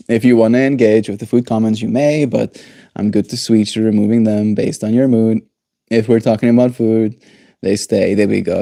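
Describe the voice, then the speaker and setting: A man hosting a daily livestream, chatting in a relaxed, rambling way and chuckling to himself. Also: fairly low pitch, vocal fry, no echo, clean studio sound. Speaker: livestream host. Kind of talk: casual chat.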